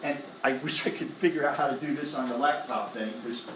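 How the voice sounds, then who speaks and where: A man teaching music theory in a classroom lecture, animated, firing quick questions at the students and tossing in slang. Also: medium pitch, slight background noise. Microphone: laptop recording the lecture. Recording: echoey classroom from a distance.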